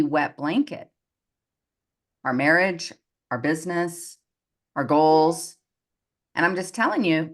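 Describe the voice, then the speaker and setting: A woman coaching on a live group call, lively and expressive, acting out quoted voices as she talks. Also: lowish voice. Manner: animated, acts out quoted voices. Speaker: success coach.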